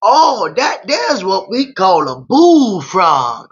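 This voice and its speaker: A man voicing a laid-back store man with a put-on Louisiana accent, drawling slowly. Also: sits high, wildly swooping pitch, slightly rough, voice pushed up, exaggerated voice. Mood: teasing. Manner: slow, drawling. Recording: slightly muffled lo-fi audio.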